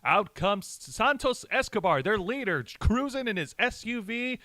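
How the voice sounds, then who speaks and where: A man's voice: sits high, very animated, a little slow, bright, forceful tone, dry recording. A man co-hosting a live wrestling review show, talking bluntly and swearing in casual sarcastic chat. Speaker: podcast co-host.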